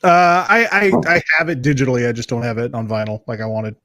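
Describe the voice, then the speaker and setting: Brief: relaxed man co-host, dry sound, halting casual talk. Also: mid-range voice, no echo. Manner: laid-back, halting, with fillers and swearing. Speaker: podcast co-host. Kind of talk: casual chat.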